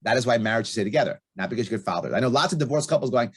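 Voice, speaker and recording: Fast-talking husky middle-aged man, blunt. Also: medium pitch, animated, fairly bright tone. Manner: blunt, emphatic, repeats key points. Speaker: podcast guest, libertarian candidate. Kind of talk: casual podcast interview.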